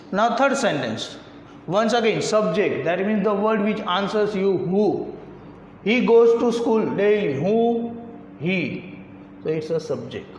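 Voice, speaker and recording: Indian english guy teaching grammar, slow and repetitive, roomy dull recording. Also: high voice, a little mellow, a little hiss or hum. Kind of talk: classroom grammar lesson. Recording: echoey room, slightly dull lo-fi sound.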